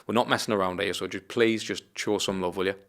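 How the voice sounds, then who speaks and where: A man's voice: low voice, fairly even intonation, quick pace, fairly bright tone. A man hosting a podcast, casual and friendly, asking direct questions. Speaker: podcast host. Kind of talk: casual interview.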